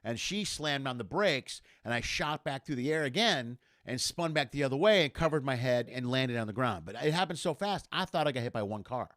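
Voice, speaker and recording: A middle-aged man in casual chat, telling a story in an animated way and acting out the voices of the people in it. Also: medium pitch, brisk, few pauses, dry recording, clean studio sound. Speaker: comedian guest.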